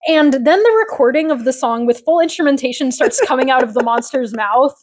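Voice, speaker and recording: A woman's voice: sits high, fairly quick, darkish tone. A young adult woman co-hosting a podcast, casually recapping a TV episode, laughing often and quoting characters in put-on voices. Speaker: podcast co-host.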